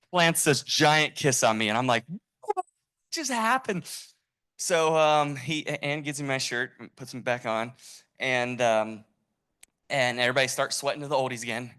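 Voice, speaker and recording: Man, animated storyteller, bright forceful voice, tribute speech. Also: mid-range voice, moderate pace, clean tone. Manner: animated storyteller, laughs through lines. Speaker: event attendee sharing a memory.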